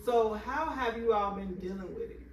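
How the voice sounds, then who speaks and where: A woman hosting a group discussion, asking measured questions. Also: medium pitch, muffled recording. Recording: echoey room, distant mic, faint hiss.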